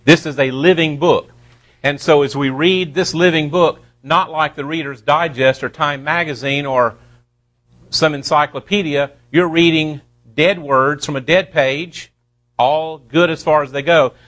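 A pastor preaching a sermon to his congregation, slowing down to stress key words and dropping playful asides. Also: a little high, fairly even intonation, a bit bright.

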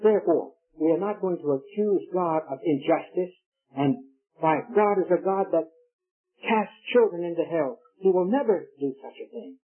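A man preaching a sermon, emphatic and rising on key words, with a husky voice. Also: high-pitched, expressive, moderate pace. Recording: tinny, phone-like old recording.

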